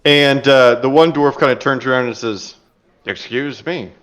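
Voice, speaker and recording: A man's voice: mid-range voice, normal speed, clean tone. Guy running a tabletop game, easygoing and chatty. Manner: laughs often, relaxed filler-heavy narration. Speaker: game master.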